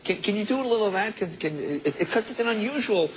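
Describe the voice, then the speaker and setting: Man, talk show host, fast talker, lively bouncing pitch, higher voice, joking questions. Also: a little hiss or hum, rough recording. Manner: quick, joking questions, enthusiastic. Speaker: interview host.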